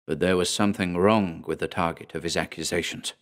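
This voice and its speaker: Male horror narrator, lowish voice, measured and dramatic. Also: steady tone.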